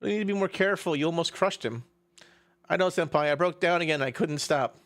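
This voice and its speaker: A man's voice: on the high side, brisk, fairly bright tone, no room sound. Man reading a tearful tank girl. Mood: apologetic. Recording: background music.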